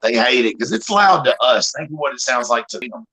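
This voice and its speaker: A man's voice: mid-range voice, expressive, brisk, pushed and bright, husky, rough recording. A man with a Southern accent chatting casually on a group livestream, rambling and folksy, swearing freely.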